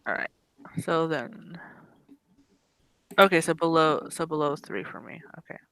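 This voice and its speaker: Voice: mid-range voice, fairly even intonation, unhurried, pushed and bright, clean tone, no room sound, poor audio. A player in a tabletop game, talking casually and asking tentative questions.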